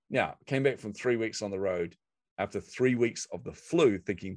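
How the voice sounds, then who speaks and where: Low-voiced New man telling a story. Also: a little fast, no room sound. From New Zealand. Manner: animated anecdotal delivery with acted quotes. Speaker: guest. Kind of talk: storytelling in a podcast interview.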